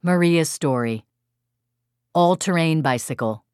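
A woman with a low voice narrates an audiobook about her parenting workshops. Her delivery is expressive and emphatic. The recording is dry and close, with no room echo. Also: slow, clean tone. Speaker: author and parenting workshop leader.

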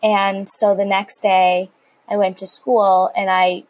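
A late-teen girl opens up to her viewers in a personal confessional. Her voice is soft and breathy, sitting at an ordinary middle pitch. She rambles candidly, restarting her sentences and filling them with likes. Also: flat delivery, normal speed, low-quality recording. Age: late teens. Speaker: vlogger.

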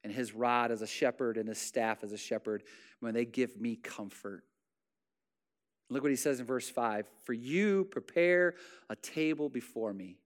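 A man preaching a sermon with passion, rising to loud exclamations and then dropping to hushed, soft phrases. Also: medium pitch, a little slow. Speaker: pastor.

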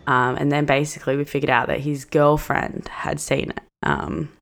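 A young woman in her twenties, hosting a podcast and telling a story in a brash, sweary, animated way. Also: deep voice, moderate pace, creaky. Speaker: podcast host. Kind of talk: casual storytelling monologue.

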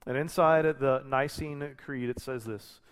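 A man's voice: mid-range voice, steady tone, unhurried, smooth. Conversational male pastor preaching. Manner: conversational, with self-corrections and restarts. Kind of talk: sermon.

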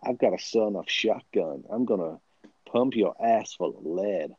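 A man's voice: fairly low pitch, expressive, measured pace, a little mellow, husky, no echo, lo-fi sound. A man putting on a mock American accent to play a swaggering action-movie tough guy.

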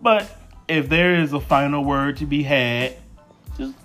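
Male co-host, easygoing and jokey, unhurried delivery, faint music bed. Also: on the high side, expressive, a bit bright. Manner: laid-back, joking, drawn-out delivery. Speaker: podcast co-host, husband. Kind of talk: casual marriage chat.

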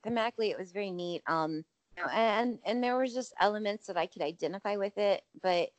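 A woman, around her forties, co-hosting a casual podcast, talking in an animated, emphatic way and swearing freely. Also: mid-range voice, fast, dry recording. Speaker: podcast co-host. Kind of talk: casual chat.

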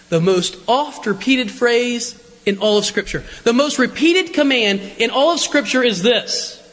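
A man's voice: very high-pitched, fairly bright tone. A man preaching a conversational sermon in a church, joking with the congregation and asking them questions. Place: church sanctuary. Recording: long church reverb.

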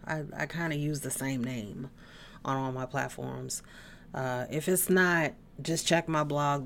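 A woman's voice: very deep voice, gravelly, a little hiss or hum. A woman hosting her own podcast, rambling through tangents in a blunt, casual way and swearing freely. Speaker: podcast host.

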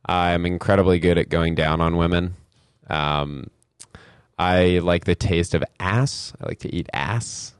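A man's voice: low voice, steady tone, measured pace, clear, resonant tone, dry recording, clean studio sound. A man co-hosting a comedy podcast, teasing and joking in crude, mock-serious banter. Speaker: podcast co-host.

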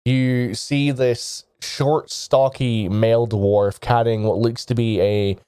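Slow, halting game master. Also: male voice, mid-range voice, steady tone, dark tone, clear, resonant tone, no room sound, clean studio sound. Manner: halting, with many restarts and laughs. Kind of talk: narrating a tabletop game.

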